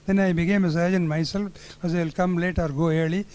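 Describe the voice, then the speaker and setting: A man's voice: high-pitched, steady tone, fast, darkish tone, low-quality recording. An older man with a Tamil Indian English accent giving an anecdotal neurology lecture, repeating phrases for emphasis and chuckling at his own stories.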